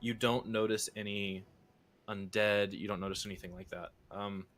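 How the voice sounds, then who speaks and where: A man's voice: fairly low pitch, level tone, normal speed, fairly bright tone, slight background noise. A young man narrating a tabletop game as game master, rambling with many fillers and restarts.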